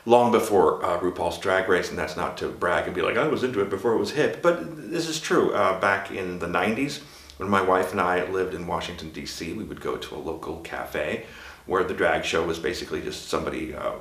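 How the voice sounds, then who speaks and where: 50s guy, swede doing an american accent, real low voice, chatty vlog rambling, echoey room. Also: animated, normal speed, fairly bright tone. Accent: American, put on by a Swedish speaker. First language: Swedish. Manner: chatty and candid, with frequent asides and restarts. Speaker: vlogger. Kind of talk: casual personal monologue. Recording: roomy echo.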